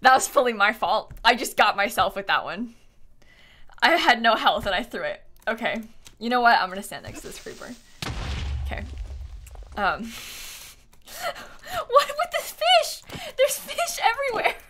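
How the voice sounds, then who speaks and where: Live-streaming a game, a young woman reads donations aloud and reacts with excitement, veering from shrieking to quiet muttering. Her pace is normal, broken by long pauses.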